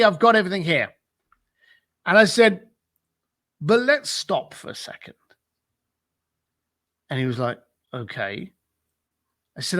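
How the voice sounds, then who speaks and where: High-voiced, bright, animated male storyteller. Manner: animated storyteller, acts out both sides of a phone call; frequent fillers and repeated "I said". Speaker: podcast guest. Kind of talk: storytelling in a casual interview.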